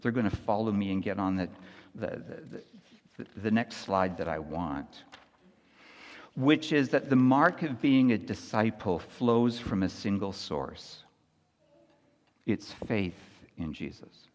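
A man preaching a sermon in a conversational style, often checking in with "right?" and moving between hushed, soft lines and loud, lively storytelling. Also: fairly low pitch, slow pace, long reverb tail. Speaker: pastor.

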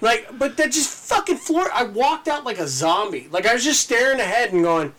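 A man's voice: very high-pitched, brisk, few pauses. A man in his forties, a podcast co-host telling a story in casual chat, swearing a lot and acting out the people in it. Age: 40s. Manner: profane, animated storyteller acting out voices.

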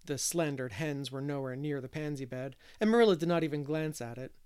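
A man narrating a classic novel aloud. His reading is measured and expressive, with a steady storytelling rhythm. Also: on the high side, smooth. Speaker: audiobook reader.

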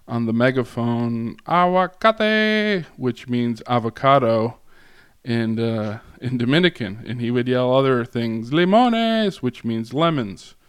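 A man speaking as a guest lecturer to a class, in a relaxed way with many fillers, pauses and restarts. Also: medium pitch, clear, resonant tone, dry recording, clean studio sound. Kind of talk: casual classroom talk.

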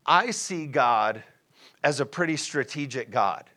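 A man's voice: mid-range voice, lively intonation, a little slow, pushed and bright. A man preaching a sermon in a conversational way, acting out biblical figures with playful asides and checking in with his listeners. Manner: asks the congregation "are you with me?".

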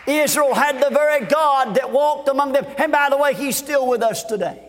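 Fervent high-voiced preacher in a hall. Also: male voice. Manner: fervent, shouting, drawn-out pauses. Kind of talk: revival sermon. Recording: long hall reverb.

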